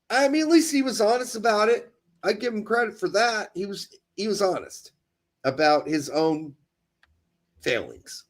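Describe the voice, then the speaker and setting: A man co-hosting a casual soccer chat, ranting and mocking claims in quick sarcastic bursts. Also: sits high. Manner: animated, ranting, sarcastic mimicry. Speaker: podcast co-host.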